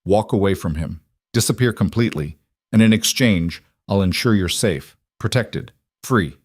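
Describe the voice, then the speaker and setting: A man reading the part of a cultured male crime boss with a faint Russian accent, smooth and persuasive. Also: lowish voice, normal speed, no echo, clean studio sound. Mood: smooth menace.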